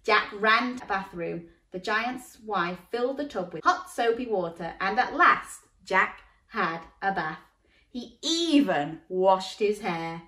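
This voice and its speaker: Lady reading a bedtime story to kids, bouncy pitch, bit far off the mic. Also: takes it slowly. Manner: animated, inviting kids to join in. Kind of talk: children's read-aloud. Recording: roomy, slightly distant mic.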